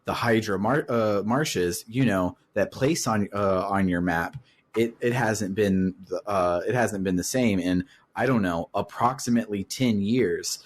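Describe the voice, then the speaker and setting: A man's voice: on the low side, unhurried. A man hosting a casual video game discussion, laughing often and hesitating with fillers. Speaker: podcast host. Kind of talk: casual game-club chat.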